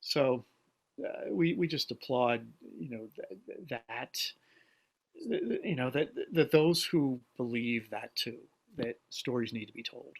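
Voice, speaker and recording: A man co-hosting a podcast interview, speaking earnestly and haltingly, often repeating words as he searches for them. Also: mid-range voice, sing-song, gravelly. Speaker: podcast co-host. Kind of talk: conversational interview.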